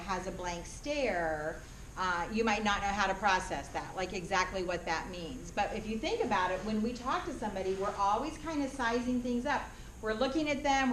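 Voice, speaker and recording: A woman presenting to a class of schoolchildren, animated and asking them questions. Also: mid-range voice, a little hiss or hum. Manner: animated, asks the children questions. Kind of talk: speaking to a class of students. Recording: echoey classroom from far off.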